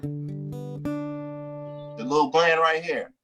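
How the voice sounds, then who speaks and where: A woman hosting a comedy show, using loud, hyped crowd-work and playful, rambling banter. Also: deep voice, steady tone, slow, muffled recording, music in the background. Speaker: host.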